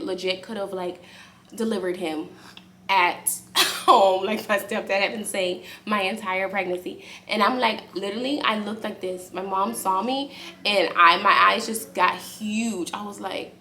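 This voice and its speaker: A young woman casually telling a story to camera for her vlog, chatty and animated, acting out what others said. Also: mid-range voice, normal speed, vocal fry, slight background noise. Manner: animated, acts out quotes in a raised voice; speaks softly aside to her baby. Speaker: vlogger.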